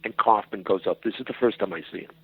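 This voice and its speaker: A man telling an anecdote as a podcast guest, animated and profane and acting out voices. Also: lowish voice, quick pace, breathy edge, no echo. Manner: animated, profane storyteller who acts out voices. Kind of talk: storytelling anecdote. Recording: dull, dry lo-fi.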